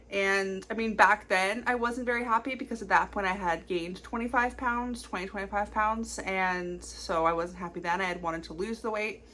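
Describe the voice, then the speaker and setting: A young woman in her twenties chats to camera in a casual, confessional vlog. She talks fast and rambles, full of fillers and restarts, at a middling pitch, with a faint hiss behind her. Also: fairly bright tone. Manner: chatty, rambling, fast-talking with many fillers. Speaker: vlogger.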